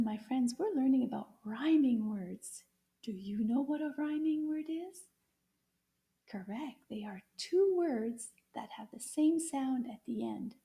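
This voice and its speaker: A woman leads a children's lesson at a very unhurried pace. Her voice sits a little high yet sounds soft and mellow, and she draws out her questions in a sing-song way for young learners. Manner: slow, sing-song teacher voice, drawn-out questions. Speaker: French teacher for children. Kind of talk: kids' language lesson, speaking to the viewer.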